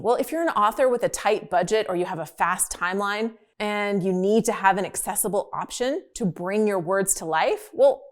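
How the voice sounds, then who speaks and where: A woman hosts an explainer video in a casual, upbeat manner. Her voice sits at an ordinary middle pitch, and she leans on key words with emphasis. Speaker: host.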